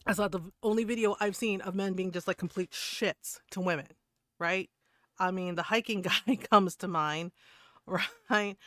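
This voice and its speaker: A woman streamer rants to her chat, heated and swearing freely, with laughs breaking up her points. Her voice sits at a middle pitch. The recording is dry and close, with no room sound. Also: animated, normal speed, fairly bright tone, dry recording. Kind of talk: casual rant to stream chat.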